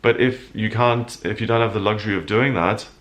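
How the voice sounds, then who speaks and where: A man with a somewhat low voice delivers his weekly horoscope. He speaks with earnest, animated feeling and sometimes grows openly emotional. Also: fairly quick. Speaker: astrologer host.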